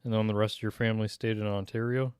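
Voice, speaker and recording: A young man with a light Minnesota accent talks easily with his livestream chat, chuckling between thoughts. His voice sits low and comes across smooth and clear, recorded close and dry with no room around it. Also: level tone, fast talker, darkish tone, no echo. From Minnesota, USA. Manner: laid-back, laughs often, answers chat. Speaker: streamer.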